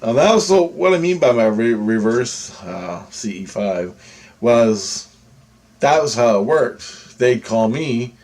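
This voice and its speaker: A man's voice: medium pitch, lively intonation, takes it slowly, a little mellow. A man vlogging a personal story to camera in a loose, rambling way, full of asides.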